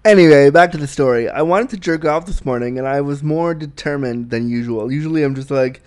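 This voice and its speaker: A man's voice: fairly high pitch, a little fast, hardly any pauses, darkish tone, clear, resonant tone. A man hosting a casual solo podcast, talking candidly and bawdily in a rambling way with restarts and giggles. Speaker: podcast host.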